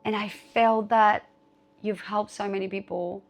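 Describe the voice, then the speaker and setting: A woman's voice: medium pitch, fairly even intonation, unhurried. A woman hosting her own podcast, talking casually and candidly, swearing freely and with animation. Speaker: podcast host. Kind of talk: casual solo podcast talk.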